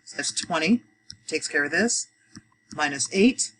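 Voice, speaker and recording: A woman's voice: low-pitched, lively intonation, a little slow, a bit bright, a little hiss or hum, poor audio. A woman teaching adult education math, talking through each step of a problem, counting aloud, with frequent fillers.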